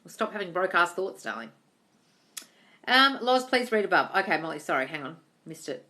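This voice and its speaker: Female live-stream host: bright, forceful tone, blunt and sweary, reads chat aloud, calls viewers darling. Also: fairly low pitch, sing-song, moderate pace. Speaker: manifestation coach answering live chat questions.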